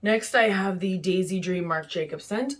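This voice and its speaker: Young woman, low voice, casual candid beauty vlogger, chatty. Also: moderate pace, slight background noise. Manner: chatty, candid, frequent fillers. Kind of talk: casual product review. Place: home in Vancouver.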